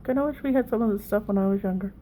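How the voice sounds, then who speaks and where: A woman's voice: mid-range voice, very fast, mellow, slight background noise, poor audio. A woman in her thirties with a Southern accent, chatting and rambling through a casual makeup tutorial. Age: 30s. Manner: chatty, rambling, self-deprecating. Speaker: makeup vlogger.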